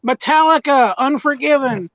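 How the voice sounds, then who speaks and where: Very high-voiced man on a muffled call. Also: normal speed, fairly bright tone. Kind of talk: casual video-call chat. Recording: dull lo-fi call audio.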